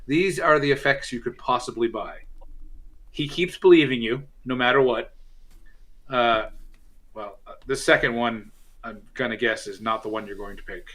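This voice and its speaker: Bright-voiced male game master. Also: mid-range voice, normal speed. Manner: casual, with frequent "uh" fillers. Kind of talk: narrating a tabletop role-playing game.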